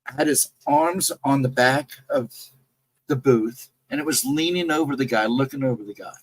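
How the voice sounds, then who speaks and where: A man's voice: mid-range voice, normal speed, rough recording. A man casually recounting his own ghost encounters in a rambling, self-correcting way. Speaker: guest storyteller.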